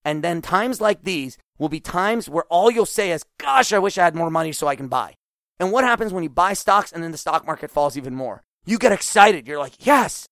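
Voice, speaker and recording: Middle-aged guy doing a casual podcast, slightly high voice, animated, super dry close sound. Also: brisk, no echo. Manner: animated, acts out quoted voices. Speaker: podcast host.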